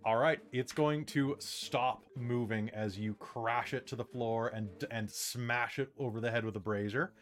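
Guy dm narrating a tabletop game, mid-pitched, laid back, chatty. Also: unhurried, few pauses, soft background music. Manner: casual, animated narration with fillers. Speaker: game master.

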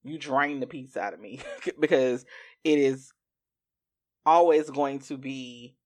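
A woman hosting a podcast in casual chat, animated and acting out what other people say. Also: slow pace. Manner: animated, acts out quoted speech in jumps of pitch. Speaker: podcast host.

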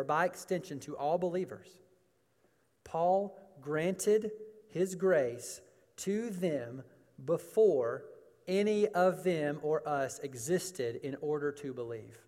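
A male pastor preaching slowly and deliberately, his fairly high voice leaning on each phrase and asking questions of the room. His words ring out with a long echo from a large church hall. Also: darkish tone. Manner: emphatic preaching, rhetorical questions, repeated phrases. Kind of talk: sermon.

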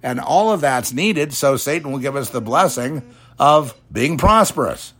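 A man's voice: medium pitch, expressive, measured pace, fairly bright tone, husky. A middle-aged man hosting a religious commentary show, preachy, mocking imagined critics in put-on quoted voices. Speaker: podcast host.

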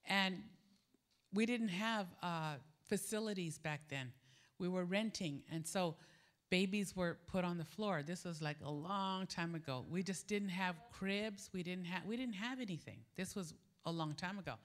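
A middle-aged woman preaching a sermon, telling a personal story and acting out the dialogue in an animated way. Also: normal speed. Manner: animated, acts out quoted dialogue with jumps in pitch. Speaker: preacher at a women's gathering.

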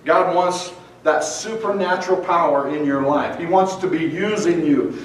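A man's voice: on the high side, moderate pace, a little hiss or hum. A man preaching a fervent sermon as pastor, often repeating and restarting his words, in a church sanctuary. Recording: very echoey hall, mic far off.

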